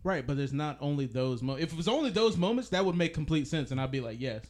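A man's voice: a little high, fast talker. A man co-hosting a movie podcast, talking casually and laughing often as he argues his point. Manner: animated, laughing, pushes to finish his point. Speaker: podcast co-host. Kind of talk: casual movie-review chat.

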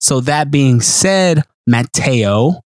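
A man's voice: medium pitch, animated, drawn-out words, a little mellow, dry recording, clean studio sound. A man hosting his own podcast, hyped and sing-song, repeating himself as he chats. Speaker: podcast host. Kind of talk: casual podcast chat.

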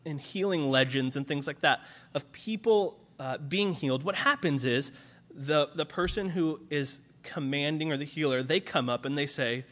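Male preacher, conversational sermon, filler-heavy, upper-pitched, reverberant hall. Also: normal speed. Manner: casual, animated, many fillers.

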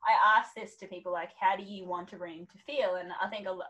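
A woman's voice: mid-range voice, steady tone, fairly quick, fairly bright tone, dull audio. A woman in her thirties, a professional declutterer, chatting casually on a podcast and filling her talk with "like" and "literally". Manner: chatty, uses "like" and "literally" a lot.

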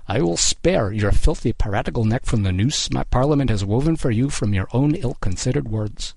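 A man's voice: mid-range voice, animated, brisk, creaky, darkish tone, breathy edge. A man voicing a cold, imperious king who speaks brusquely with a Dutch accent.

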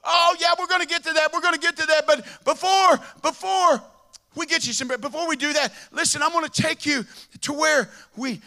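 A preacher puts on a bread store guide, proud and pushy, who talks with excited insistence. The voice is high and bright. He never stops boasting about his shop. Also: brisk, heavily acted. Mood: eager.

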